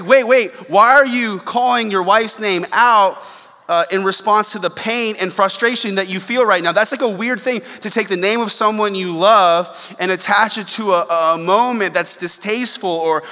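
Bright-voiced male pastor in a reverberant hall. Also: high-pitched, moderate pace. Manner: conversational, animated, acts out quoted exclamations. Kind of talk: sermon.

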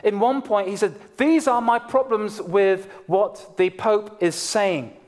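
High-voiced man preaching a sermon. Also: slow pace, a little mellow. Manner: emphatic preaching with rising and falling intensity. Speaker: pastor.

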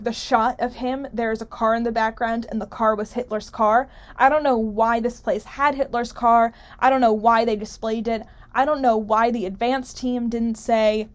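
A young woman hosts a radio talk show in a loose, chatty way. She is full of fillers and restarts, and she is wry about the news. Her voice sits a bit high for a woman. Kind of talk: casual political commentary.

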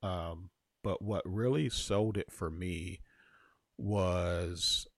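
A man from Jacksonville, Florida, talking as a podcast guest in a measured, steady storytelling way. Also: low-pitched, no room sound, clean studio sound. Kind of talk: casual storytelling chat.

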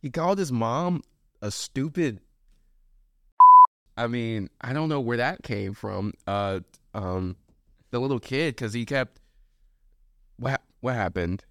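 A man's voice: medium pitch, animated, slow pace, long pauses. A man co-hosting a casual movie-review chat in a laid-back way, chuckling along. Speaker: podcast co-host.

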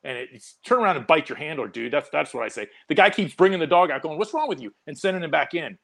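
A man's voice: a little high, fast, creaky. A man, a police corporal on a panel show, ranting in exasperated, scornful casual chat about a scene he watched. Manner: exasperated, scornful, animated storytelling.

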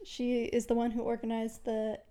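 A woman's voice: a little high, completely flat delivery, crowd noise. A woman co-hosting a podcast, speaking frankly and pushing back in casual chat. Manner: frank, quick to push back. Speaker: podcast co-host.

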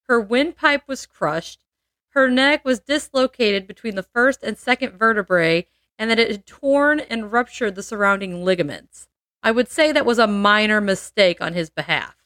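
A woman's voice: a little high, moderate pace, fairly bright tone, dry recording, clean studio sound. A woman hosting a podcast, telling a true-crime story in casual chat, laughing often and adding playful asides.

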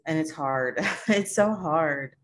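Low-voiced slangy woman, casual. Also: animated, slow pace, noisy background. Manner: casual, slangy, swears, laughs. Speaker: podcast co-host. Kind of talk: casual chat.

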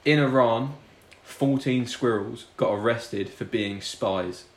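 A man's voice: mid-range voice, slow pace. A man hosting a podcast, running a quiz segment in casual, teasing banter. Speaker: podcast host. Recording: roomy with faint noise.

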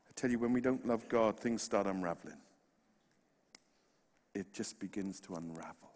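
A man's voice: lowish voice, moderate pace, darkish tone. West Country man preaching in an echoing hall. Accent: West Country English. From West Country, England. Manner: earnest, impassioned, with humorous asides. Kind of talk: sermon. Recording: long hall reverb.

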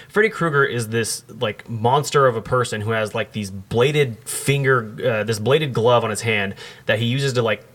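A man's voice: medium pitch, fairly bright tone. A man hosting a casual podcast chat, rambling and heavy on fillers as he tells a long story. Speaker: podcast host.

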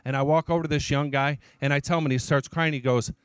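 A man's voice: on the high side, steady tone, quick pace, smooth, no room sound. A man, a church elder, preaching his testimony as an emphatic storyteller who repeats his key phrases.

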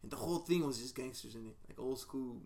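A man's voice: mid-range voice, quick pace, a little mellow. A man from Portland telling rambling, slang-filled stories in a casual chat with friends. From Portland, Oregon.

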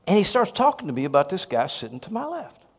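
A man who pastors a church, telling a story in a sermon with animated, self-deprecating humor. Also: sits high, fast talker, husky, big-room sound.

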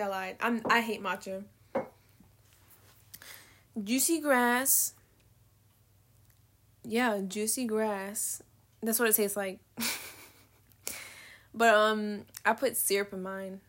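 A woman's voice: mid-range voice, level tone, moderate pace, a bit bright. A young woman vlogging in a casual, candid monologue, rambling between thoughts, swearing freely and laughing often.

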